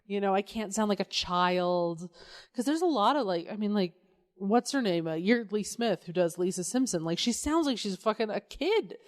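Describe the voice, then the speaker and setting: A woman's voice: mid-range voice, animated, normal speed. A woman with a mid-range voice talks casually on a podcast. She is frank and emphatic and swears freely. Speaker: podcast co-host. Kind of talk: casual chat.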